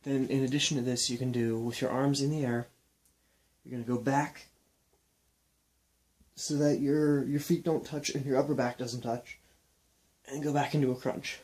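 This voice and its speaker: Young man, fitness instructor, casual demo talk, mid pitch, counts reps aloud. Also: normal speed, pauses often. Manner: relaxed, talks while demonstrating moves, counts reps aloud. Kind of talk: casual exercise demonstration.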